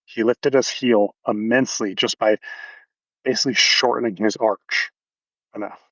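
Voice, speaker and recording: A man's voice: lowish voice, fairly even intonation, moderate pace, a bit bright, no room sound, muffled recording. A man coaching athletes, explaining movement casually in a podcast interview with anatomical detail and frequent fillers.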